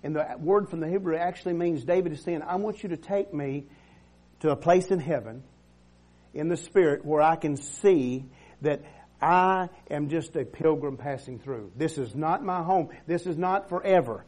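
Preaching at a normal speed, this middle-aged pastor has a fairly high, darkish voice. He builds his point through repetition and restarts, drawing frequent amens from the congregation in call-and-response.

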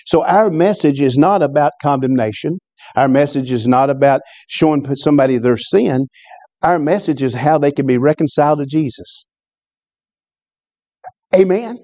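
A man preaching a sermon as a pastor, fervent and repetitive, often rising sharply in pitch when he stresses a point. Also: moderate pace, warm tone, no echo. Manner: fervent, repeats words, rises in pitch on exclamations. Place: church service.

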